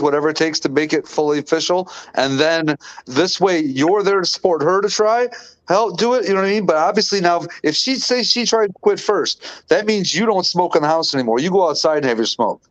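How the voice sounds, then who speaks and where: A man's voice: on the high side, a little fast, no echo, highs cut off. A man in a casual group chat giving blunt, frank advice.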